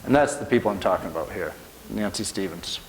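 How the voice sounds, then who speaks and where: A deep-voiced, middle-aged American motivational speaker talks a little fast, earnestly recounting stories and hammering home points through repetition. The room echoes, and there's slight background noise.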